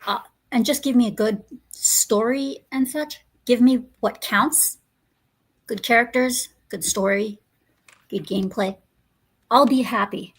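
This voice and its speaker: A woman's voice: on the high side, unhurried, husky. A woman hosting a podcast in casual chat, ranting bluntly with swearing and many fillers. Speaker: podcast host.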